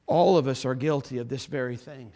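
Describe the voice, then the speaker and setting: A man preaching a sermon as pastor, impassioned, repeating phrases and building to forceful emphasis. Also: mid-range voice, fairly quick.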